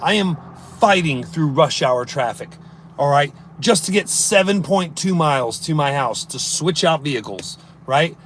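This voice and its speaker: A man's voice: on the high side, lively intonation, measured pace, fairly bright tone, a little hiss or hum. A man telling a long story on a casual live stream, acting out his own thoughts as he rambles through it. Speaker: livestreamer reading chat.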